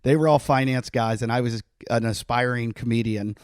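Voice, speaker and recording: A middle-aged man hosting a podcast, telling a story in a casual, animated way and laughing often. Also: medium pitch, normal speed, clean tone, no echo, clean studio sound. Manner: animated, laughing, acts out quotes. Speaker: podcast host.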